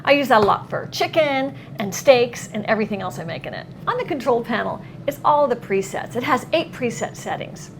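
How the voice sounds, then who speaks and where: A woman's voice: fairly high pitch, very animated, fairly quick, vocal fry, hardly any pauses, a little hiss or hum. A woman hosting a cooking demonstration, upbeat and exclaiming over the food, sometimes talking with her mouth full. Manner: talks with her mouth full while tasting. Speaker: cooking show host.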